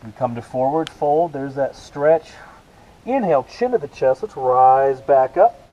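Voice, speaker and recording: A man teaching a beginner yoga class, calling out poses and breaths in relaxed, encouraging cues with casual asides. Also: medium pitch, unhurried, muffled recording. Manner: relaxed, encouraging cueing with self-aware asides. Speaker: yoga instructor. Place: outdoors with rain and hummingbirds about.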